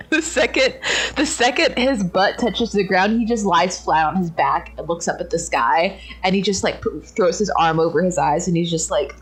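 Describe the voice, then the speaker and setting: A woman's voice: lowish voice, expressive, normal speed, slightly rough, rough recording. A woman playing a tabletop game, hesitantly describing her character's actions with many "like"s. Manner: hesitant, full of "like". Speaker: player.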